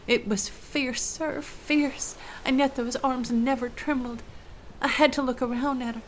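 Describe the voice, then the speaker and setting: A woman's voice: high voice, steady tone, measured pace, slight background noise. A woman telling a first-person story aloud, emotional, dropping to whispers at tense moments.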